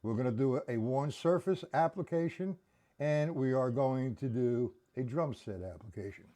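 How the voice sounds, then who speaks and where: A man's voice: medium pitch, normal speed, warm tone. A man teaching a live-streamed drum lesson, counting beats aloud and checking in with viewers.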